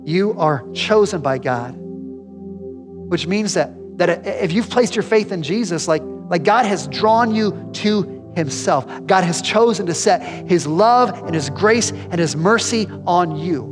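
A man's voice: high voice, animated, slow pace, in a large hall. Male pastor, conversational sermon delivery, emphatic, music playing under him. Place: church sanctuary.

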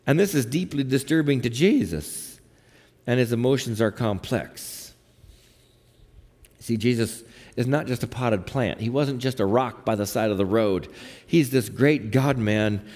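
A man preaching a sermon, emphatic and then soft and low at tender moments. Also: measured pace. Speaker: pastor. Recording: long hall reverb.

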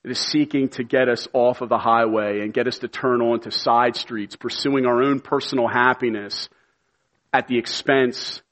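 A pastor preaching a sermon with earnest conviction, building to emphatic, shouted appeals. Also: male voice, mid-range voice.

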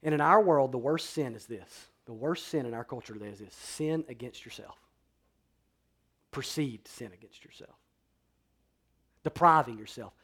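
A man pastor preaching a sermon, swinging between loud emphatic declarations and quiet, low-voiced passages. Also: moderate pace, long pauses, husky.

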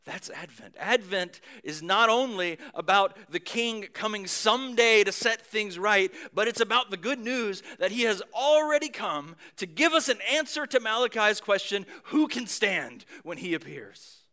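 A man preaching a sermon, moving between booming emphasis and hushed near-whispers, with casual conversational asides. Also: moderate pace, hardly any pauses, smooth. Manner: conversational asides with light humor. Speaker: pastor.

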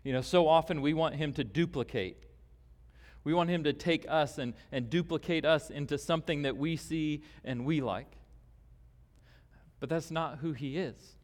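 A man preaching a sermon as pastor, deliberate and emphatic, with long pauses. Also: a little high. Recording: long hall reverb.

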